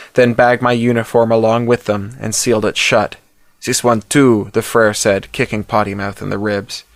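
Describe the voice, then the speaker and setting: A man narrating a first-person story in a steady, wry reading. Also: fairly low pitch, no echo. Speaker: audiobook narrator.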